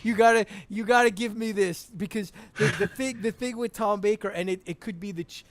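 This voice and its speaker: A man chatting as a podcast guest over a call, animated, laughing often and restarting his sentences. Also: sits high, brisk. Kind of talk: casual podcast chat.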